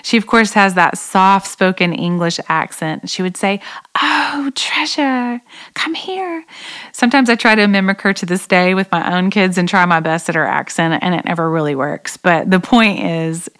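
A woman's voice: lowish voice, normal speed, hardly any pauses, fairly bright tone, smooth. A woman in her forties hosting a devotional podcast, speaking in an earnest, reflective way. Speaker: podcast host. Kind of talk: devotional talk.

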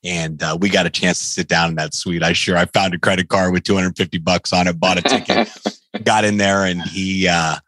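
Deep-voiced male podcast host, dry sound. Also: a little fast, no echo. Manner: lively storyteller, many fillers. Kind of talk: casual interview chat.

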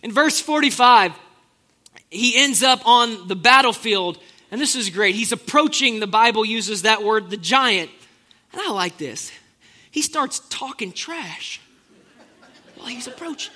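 Animated male pastor, high and bright, playful storytelling sermon. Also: measured pace.

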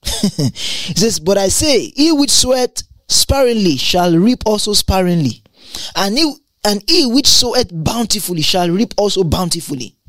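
A woman teaches from the Bible in an excited, exclamatory manner, stumbling over and repeating words as she explains each verse. Her pitch rises and falls freely. The recording is dry and close, with no room sound. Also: a little slow, dry recording.

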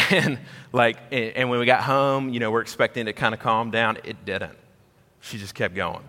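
A man preaching a sermon in a big reverberant hall. His voice is bright and forceful. He climbs to loud, high emphasis, then drops low and quiet, and repeats phrases to hammer them in. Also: steady tone, moderate pace. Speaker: pastor.

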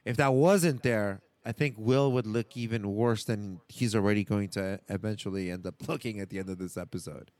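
A man's voice: lowish voice, normal speed, hardly any pauses, no echo. A man co-hosting a podcast, recapping a sitcom episode in casual chat and acting out the characters' lines in voices. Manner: animated, acts out characters' lines in funny voices and laughs often.

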